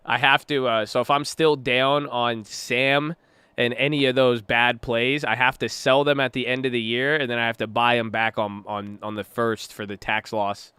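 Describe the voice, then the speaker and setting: A young man hosts a casual livestream, reading chat messages aloud and riffing on them in relaxed, slangy talk. His voice is bright and crisp, and it comes across close and dry with no room sound. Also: mid-range voice, normal speed, dry recording. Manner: loose and chatty, reacting to chat, slang-heavy.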